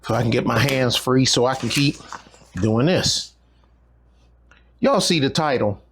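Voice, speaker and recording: A man's voice: medium pitch, expressive, measured pace, background noise. A middle-aged man, talking casually to his viewers in a rambling, folksy way with many restarts. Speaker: channel host. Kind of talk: casual talk to camera.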